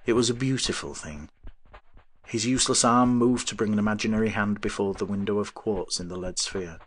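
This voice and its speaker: A man reading an audiobook in steady, even-toned scripted narration. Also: lowish voice, fairly quick. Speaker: audiobook reader.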